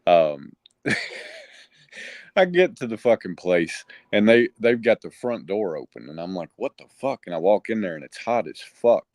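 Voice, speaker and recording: A man's voice: low-pitched, big pitch swings, measured pace, a little mellow, no echo, studio quality. A man in casual chat, telling a story with heavy swearing and laughs.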